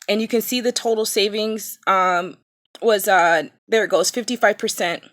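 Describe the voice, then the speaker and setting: A woman's voice: mid-range voice, moderate pace, fairly bright tone, a little hiss or hum. Upset woman in her thirties telling a story. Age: 30s. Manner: upset, recounting with frequent fillers and restarts. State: in pain after recent surgery. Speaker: vlogger. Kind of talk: casual storytime vlog.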